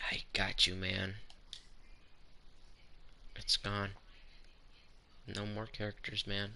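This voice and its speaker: A man giving casual commentary while playing a game, muttering and reacting aloud, often hushed. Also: fairly low pitch, completely flat delivery, slow, creaky, long pauses, slight background noise. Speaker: gamer.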